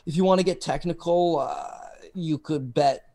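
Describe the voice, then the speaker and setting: A man co-hosting a casual podcast, giving emphatic, quick breakdowns of fights and betting picks. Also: on the high side, mellow, no echo. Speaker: co-host, fight analyst.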